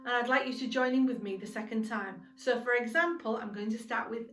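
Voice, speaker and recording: High-voiced woman teaching children to sing. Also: a bit bright. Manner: encouraging, speaks slowly and clearly to young children. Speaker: singing teacher. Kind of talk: children's singing lesson. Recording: roomy sound from a distance, music behind.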